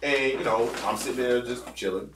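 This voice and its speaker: Man, podcast storyteller, animated, swears a lot, quotes people, roomy room, distant mic. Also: mid-range voice, brisk, slight background noise. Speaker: podcast host. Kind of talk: casual storytelling chat.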